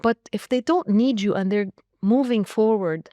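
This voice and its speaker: A woman around sixty, a school academic leader appearing as a guest, answers interview questions emphatically and directly in short, punchy phrases. Her mellow voice is medium-pitched at a moderate pace, with no echo.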